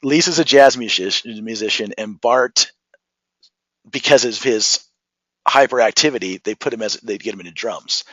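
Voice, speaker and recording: A man's voice: fairly low pitch, normal speed, a bit bright, no room sound, highs cut off. A man hosting a podcast, chatting casually and eagerly retelling favorite cartoon scenes with frequent laughter. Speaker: podcast host. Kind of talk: casual conversation.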